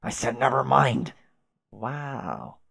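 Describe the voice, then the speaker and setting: A man voicing a bratty, hot-tempered young male alien who shouts insults and demands answers. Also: on the low side, lively intonation, moderate pace, breathy edge. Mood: defensive.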